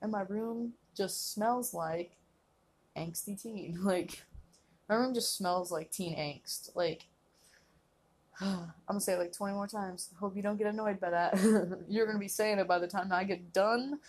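Husky-voiced young woman, rambling podcast chat. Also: mid-range voice, fairly even intonation, a little slow. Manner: rambling, laughs often, says "like" constantly. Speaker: podcast host. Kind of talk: casual solo podcast chat.

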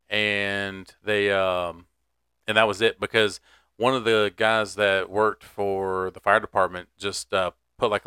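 A man's voice: fairly low pitch, bright, forceful tone, smooth, no echo, studio quality. A man, co-hosting a casual podcast and telling stories in a laid-back, profane way with frequent laughs. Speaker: podcast co-host. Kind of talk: casual chat.

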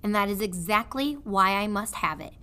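A woman voicing a sly, smooth-talking male rat in a storybook read-aloud, soft, low and insinuating. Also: expressive, moderate pace. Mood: smug.

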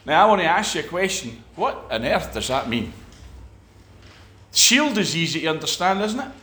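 A man's voice: on the high side, big pitch swings, normal speed, sharp tone, echoey room. A man preaching a sermon, emphatic, with repeated phrases and restarts.

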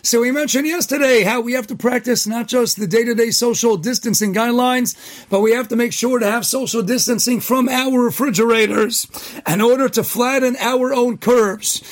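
A middle-aged man with a very high-pitched voice hosts a short daily pep talk. He tells jokes and a personal story with lively energy and sometimes shouts the punchlines. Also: moderate pace. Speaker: host.

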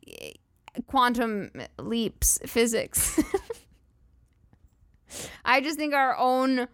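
Woman podcast host, higher voice, dry close sound, rambling, swearing, laughing as she riffs. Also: a bit bright, smooth, no echo. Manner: rambling, profane, giggly riffing. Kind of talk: casual comedic monologue.

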